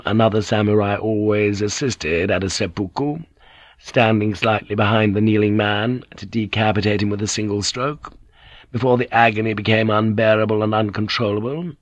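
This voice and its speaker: A man narrating a novel in a steady, measured audiobook reading. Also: fairly low pitch, no room sound. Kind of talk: scripted narration.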